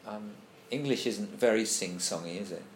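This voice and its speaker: A man's voice: lowish voice, normal speed. A man leading a casual group discussion, thinking aloud and reading passages out to the group. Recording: echoey room, faint background noise.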